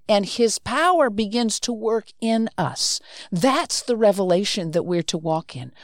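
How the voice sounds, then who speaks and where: A woman's voice: mid-range voice, darkish tone, no room sound, clean studio sound. A woman co-hosting a Christian talk show, explaining scripture earnestly and repeating phrases for emphasis. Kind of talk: teaching faith discussion.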